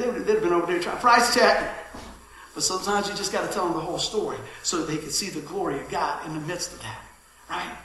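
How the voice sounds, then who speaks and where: A middle-aged man preaching a sermon, telling stories with swings from loud calls to hushed asides. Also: high voice, fast. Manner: lively storytelling, swings from shouting to hushed asides. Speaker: pastor. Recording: very echoey church hall.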